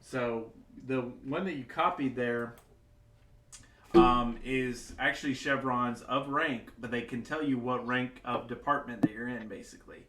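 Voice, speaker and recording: A man's voice: mid-range voice, a little slow, fairly bright tone. A man narrating as a game master in a casual way, full of fillers and asides. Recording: echoey home setup.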